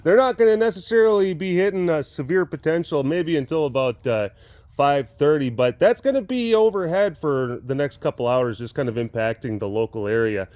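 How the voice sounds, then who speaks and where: Chuckling rambling man, slightly high. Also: lively intonation, brisk, darkish tone, no room sound. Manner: rambling, chuckling, many fillers. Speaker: big cat keeper. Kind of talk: casual storytelling vlog.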